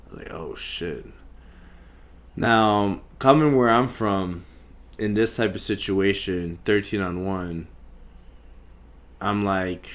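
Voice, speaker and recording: A young man hosting a podcast, telling a story in a casual, profane, animated way and acting out the scenes. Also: low-pitched, measured pace. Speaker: podcast host.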